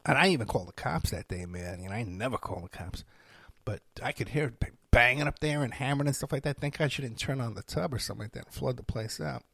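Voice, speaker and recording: Middle-aged new guy rambling on his podcast, gravelly voice, dry close sound. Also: medium pitch, fast, dry recording. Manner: rambling, animated storytelling with laughs and asides. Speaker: podcast host. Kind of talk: rambling casual monologue.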